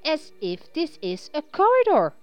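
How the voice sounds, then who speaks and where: A woman voicing a brave, worried man in a children's storybook who calls out loudly. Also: sits high, huge pitch swings, unhurried, faint music behind, pitched above the performer's own voice, exaggerated voice. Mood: earnest.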